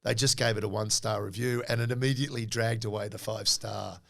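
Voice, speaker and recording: Gravelly Australian man telling stories. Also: on the low side, fast talker. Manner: animated, acts out quoted dialogue. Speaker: podcast guest. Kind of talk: casual interview storytelling.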